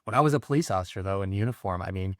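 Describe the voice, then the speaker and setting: A man's voice: sits low, expressive, racing, no echo, clean studio sound. A former drug agent being interviewed on a podcast, a man who talks plainly with frequent restarts and a wry sense of humor. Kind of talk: casual interview chat.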